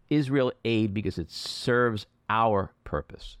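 A man's voice: lowish voice, animated, brisk, no room sound, studio quality. A man hosting an interview, frank and opinionated, who grows heated as he makes his points. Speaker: interview host. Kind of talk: conversational interview.

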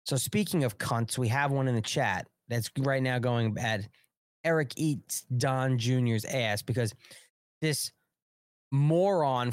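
Furious and unfiltered, a forties-aged host of a live online political commentary show curses his way through a rant. His mid-range voice comes through studio-clean, without any room sound.

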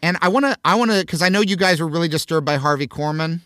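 A man, a podcast guest, chatting casually with a wry, deadpan manner. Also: on the high side, fast talker, dry recording, clean studio sound. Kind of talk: casual chat.

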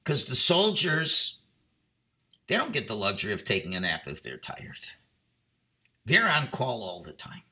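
Passionate rabbi with a bright voice. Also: male voice, medium pitch, big pitch swings, measured pace, pauses often. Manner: passionate, swings from loud exhortation to quiet storytelling; uses Yiddish and Hebrew words. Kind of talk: Torah talk.

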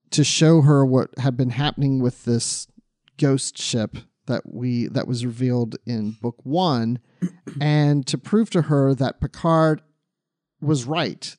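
A man co-hosting a casual book discussion podcast, chatty and quick to laugh. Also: medium pitch, darkish tone, dry recording, clean studio sound. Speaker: podcast co-host.

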